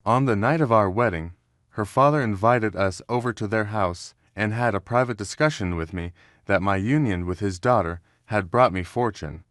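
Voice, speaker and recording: Low, dry male story narrator. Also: moderate pace, a bit bright, no echo.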